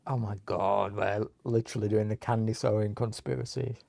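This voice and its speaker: A man's voice: on the low side, fairly even intonation, fairly quick, creaky, mellow, no echo. A man hosting a livestream, chatting casually and reacting with exasperated disbelief. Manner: exasperated and incredulous. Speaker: livestream host. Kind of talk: casual live reaction chat. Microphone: headphones.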